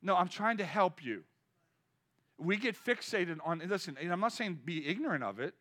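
High bright preacher guy in his fifties, gets loud then goes quiet telling stories. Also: moderate pace. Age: 50s. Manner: energetic preaching, rising loud then dropping to soft storytelling. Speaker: pastor. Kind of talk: sermon.

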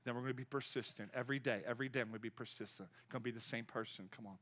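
A man in his fifties preaching a sermon with energy, swinging between loud exhortation and quiet storytelling. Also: mid-range voice, rapid-fire. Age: 50s. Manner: energetic preaching, rising loud then dropping to soft storytelling. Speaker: pastor.

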